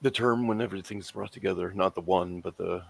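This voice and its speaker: A man in casual chat who talks haltingly, restarting his thoughts. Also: low-pitched, steady tone, vocal fry, slightly rough.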